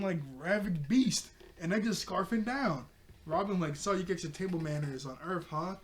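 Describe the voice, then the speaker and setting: A young man casually recapping a cartoon episode, retelling the scenes loosely with quick quoted lines and frequent laughs. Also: on the high side. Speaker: cartoon reviewer.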